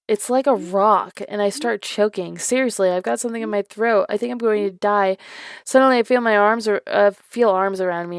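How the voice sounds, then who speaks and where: A woman's voice: medium pitch, vocal fry, clean tone, no echo, clean studio sound. A young woman reading creepy stories aloud, breaking off for casual, giggly asides full of filler words. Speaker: story reader.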